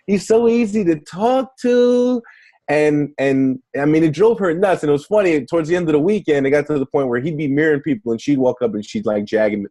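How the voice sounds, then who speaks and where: A young man with a mellow, warm tone, chatting through an interview. He tells stories loosely, with many restarts and fillers. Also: medium pitch, slightly rough. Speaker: negotiation trainer, guest. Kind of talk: casual interview storytelling.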